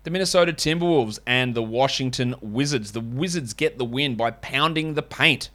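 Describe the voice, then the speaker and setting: A man's voice: mid-range voice, moderate pace, bright, forceful tone. A man hosting a fantasy basketball podcast, chatting casually and reading ads with wry, rambling asides. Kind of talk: casual podcast chat and host-read ads.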